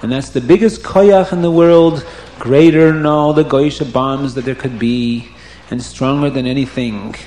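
A man telling a religious story to children, animated and emphatic, slowing down on key words. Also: fairly high pitch. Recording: roomy echo.

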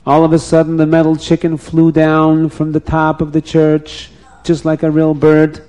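A man telling a folk tale aloud, animated and repeating phrases, now and then restarting words. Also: a little high, moderate pace. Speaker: storyteller.

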